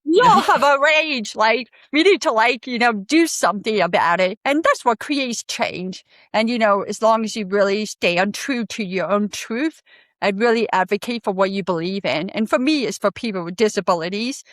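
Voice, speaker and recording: Woman guest, mid-pitched, candid and earnest, dry close sound. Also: normal speed, a bit bright, no echo. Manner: earnest, candid, laughs easily. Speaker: podcast guest, forest bathing guide. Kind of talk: casual interview talk.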